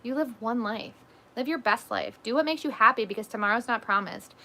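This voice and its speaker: A chatty woman in her thirties talks casually on a livestream, reading comments and answering them. Her voice sits a little high and sounds bright and forceful, and her talk is loose and peppered with fillers. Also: brisk. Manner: chatty, frequent "like" and "um", reads comments aloud. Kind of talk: casual live chat.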